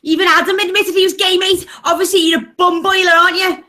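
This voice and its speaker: A woman's voice: extremely high pitch, fairly even intonation, quick pace, sharp tone. A woman arguing heatedly in an online voice chat, combative and swearing constantly. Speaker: voice chat room participant.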